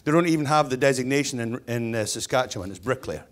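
A man's voice: mid-range voice, fast talker. Scottish guy in his 60s giving a keynote, blunt and jokey, chatty. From Scotland. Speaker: keynote speaker, stonemason. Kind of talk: humorous keynote speech.

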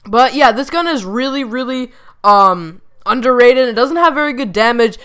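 Bright, smooth-voiced rambling gaming YouTuber. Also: mid-range voice, animated, moderate pace. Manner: rambling, filler-heavy, repeats "really", stumbles over words. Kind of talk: casual gameplay commentary. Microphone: desktop USB microphone.

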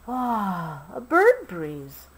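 A woman voicing an eager little male rhino calf in a storybook read-aloud, squealing with excitement. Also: very slow, husky, full character voice, poor audio. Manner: excited, squealing, high and bright.

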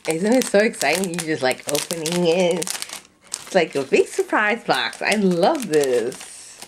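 A woman vlogger gushing with excitement as she unboxes a craft kit, gasping and cooing over each item, sounding a little sleepy. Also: lowish voice, unhurried, background noise. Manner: effusive, breathy gasps and squeals of delight.

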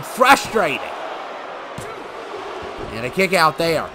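Man, slightly high voice, excitable game commentary, shouts and cheers, loud crowd noise behind. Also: slow pace, long pauses, low-quality recording. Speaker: gaming channel host. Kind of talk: excited play-by-play commentary over a wrestling video game.

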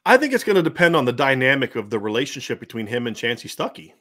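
A male podcast host breaking down football in a fast, energetic stream. He talks quickly and acts out the voices of coaches as he goes. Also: medium pitch. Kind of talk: fast sports analysis chat.

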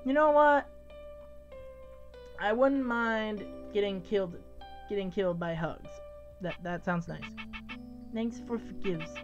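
A woman's voice: medium pitch, a little slow, pauses often, highs cut off, soft background music. A young woman giving casual gameplay commentary, giggling, exclaiming, and reading game text aloud. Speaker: let's play host.

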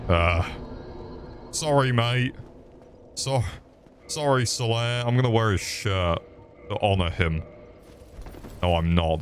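A young man with a low-pitched voice streams a game from his home room, firing crude jokes and chatter at his chat. It's casual gameplay commentary picked up on a desk microphone with a little hiss or hum.

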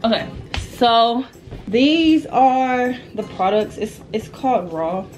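A young American woman vlogs casually to her camera at home, chatty and slangy, often breaking off mid-thought. Her voice is on the high side, expressive and a little mellow, at a slow pace, picked up by a camera or phone mic with music playing behind.

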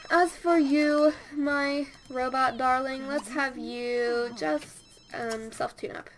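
High-voiced woman chatting over gameplay. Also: slow, faint music behind. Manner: chatty, talks to her game characters; easily excited. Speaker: gameplay commentator. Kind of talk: casual let's-play commentary.

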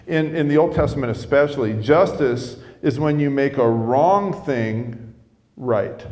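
A male pastor tells a story from the pulpit in a relaxed, conversational way, often pausing and restarting. His voice sits at an ordinary middle pitch. A long reverb from a church hall trails each phrase. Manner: conversational, self-deprecating, repeats and restarts. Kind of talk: storytelling sermon. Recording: echoey hall.

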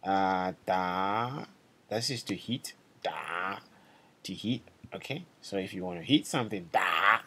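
A man giving a casual language lesson, patiently repeating phrases slowly and checking in with "right?" and "okay?". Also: low-pitched, a bit bright, breathy edge. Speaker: language teacher.

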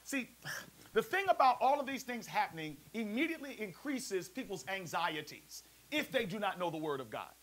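A man preaching a sermon as pastor, lively and playful, calling on the congregation to answer back. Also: high voice, normal speed, low-quality recording. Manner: preachy, call-and-response, playful asides. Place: church service also streamed to a prayer line.

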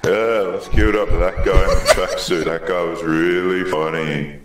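A man's voice: low-pitched, fairly even intonation, moderate pace. A man telling corny jokes with friends during a game and laughing at his own punchlines. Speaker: gamer doing comedy bits. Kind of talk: joking cow-joke banter with friends. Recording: echoey room, far from mic, noisy.

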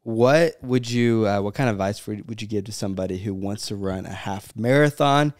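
A man's voice: lowish voice, moderate pace, no echo, clean studio sound. A young man co-hosting a casual podcast, easygoing, asking his partner questions. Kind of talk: casual chat.

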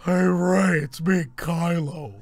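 A man voicing a masked male villain in a low, drawn-out mock-sinister way, needy and awkward, often breaking into giggles. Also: fairly even intonation, noisy background.

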